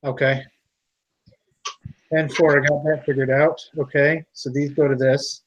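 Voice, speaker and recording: A man's voice: fairly high pitch, flat delivery, measured pace. A man in casual chat who thinks aloud and asks questions while he works on a drone. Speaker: hobbyist building a drone on stream. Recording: dull lo-fi sound.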